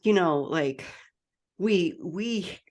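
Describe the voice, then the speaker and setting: A woman's voice: fairly low pitch, expressive, extremely slow, a little mellow. A middle-aged woman hosting a podcast, talking reflectively in casual conversation with many fillers. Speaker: podcast host.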